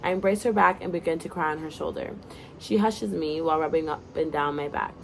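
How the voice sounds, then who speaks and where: A woman's voice: deep voice, brisk, vocal fry, a little hiss or hum. A young woman casually reading her own first-person story aloud, now and then breaking off to comment and apologize.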